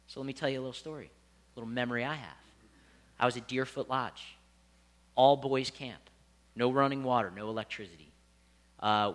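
A young man preaching a sermon, telling stories with lots of asides and animated delivery. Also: mid-range voice. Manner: animated storytelling with asides and laughs.

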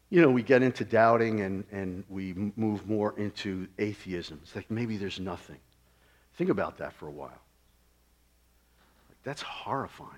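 A man preaching a sermon in a conversational way, asking his listeners rhetorical questions and swinging from loud exclamations down to hushed, near-whispered lines. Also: lowish voice.

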